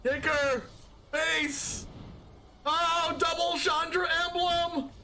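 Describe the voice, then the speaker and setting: A man streaming a card game, reacting with excited yells and laughter as he plays. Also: very high voice, drawn-out words, a little hiss or hum. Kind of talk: live gameplay commentary.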